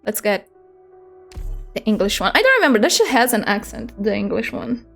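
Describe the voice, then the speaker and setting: A woman's voice: on the high side, very animated, brisk, vocal fry. A young woman streaming a game, chatting casually and self-deprecating, with some swearing. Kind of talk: casual gaming stream chat. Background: game music.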